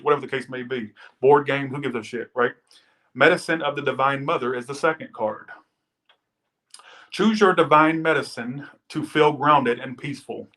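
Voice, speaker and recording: A man's voice: medium pitch, a bit bright. A man giving a casual live tarot reading, rambling and chatty, swearing now and then as he thanks viewers and tells stories. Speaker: tarot reader. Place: Las Vegas.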